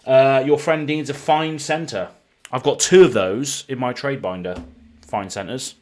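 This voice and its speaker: A man from the United Kingdom with a British accent is streaming live, opening card packs and chatting casually. His mid-range voice is a little slow, with faint music behind it, and he reads the card names aloud in a running list.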